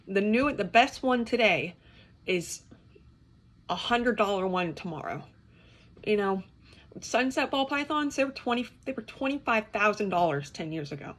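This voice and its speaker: Exasperated young woman, vlog rant, mid pitch, profane, choppy restarts. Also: lively intonation, normal speed, fairly bright tone. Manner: exasperated, swearing, talks in restarts. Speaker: reptile keeper. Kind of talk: ranting to camera.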